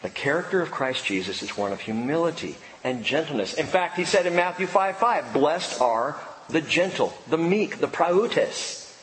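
A man preaching a sermon as pastor, emphatic and shifting to quiet intensity. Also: on the high side, animated, normal speed, slight background noise. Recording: echoey hall with long reverb.

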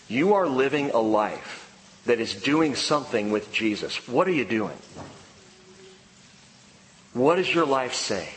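A man's voice: medium pitch, a little hiss or hum. Emphatic preaching man, echoing sanctuary. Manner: preaching with rising emphatic repetition, dropping to a hushed prayer. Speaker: pastor. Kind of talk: sermon.

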